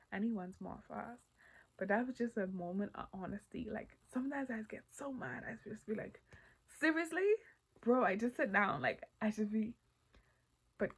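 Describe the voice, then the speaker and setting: A woman giving casual, earnest Christian encouragement. She speaks candidly, often drops to a breathy near-whisper, and gets loud and animated when telling personal stories. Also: medium pitch, poor audio.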